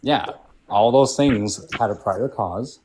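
A man's voice: on the low side, slow, a little mellow, husky, rough recording. A man calling in to a casual debate, patiently explaining and often checking "right?".

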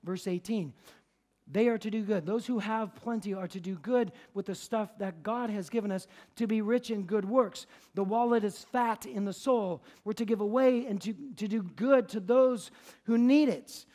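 A man preaching as a pastor, telling a story in a lively, conversational, jokey way. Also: sits high, moderate pace. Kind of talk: sermon with storytelling. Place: church service.

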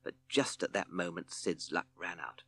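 A man narrating a children's storybook with expressive, playful storytelling. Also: low-pitched, normal speed.

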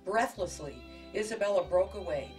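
A woman hosting a cooking show, narrating a spoof romance and explaining a recipe with a deadpan, tongue-in-cheek manner. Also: medium pitch, normal speed. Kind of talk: mock-dramatic romance narration and cooking demonstration. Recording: distant mic with music behind.

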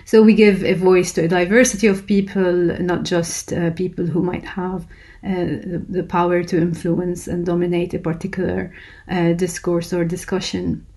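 A woman's voice: lowish voice, flat delivery, moderate pace, mellow. A woman lecturer explaining a research method, talking hesitantly with many fillers and restarts. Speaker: university lecturer. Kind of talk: recorded lecture.

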